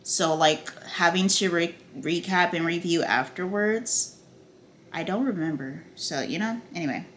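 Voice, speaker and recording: A woman talks through a TV episode recap in a loose, unscripted way, cursing freely and piling on fillers as she gets worked up. Her voice is bright and forceful. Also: on the low side, unhurried. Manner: profane, excitable ranting with frequent fillers. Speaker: TV recap vlogger. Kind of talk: casual TV recap and review.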